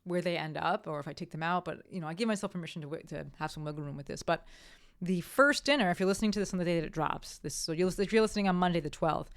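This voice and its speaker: A woman's voice: fairly low pitch, fast, clear, resonant tone, no room sound, studio quality. A woman hosting her own podcast, talking casually and upbeat, often correcting herself mid-sentence. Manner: chatty, self-correcting, upbeat sign-off. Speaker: podcast host. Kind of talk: casual solo podcast talk.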